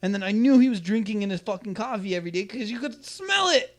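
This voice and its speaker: A man's voice: high voice, a little fast, few pauses. A young man hosting a podcast, telling a school story in casual chat, swearing freely and acting out the quotes. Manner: animated, profane, acts out quotes loudly. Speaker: podcast host.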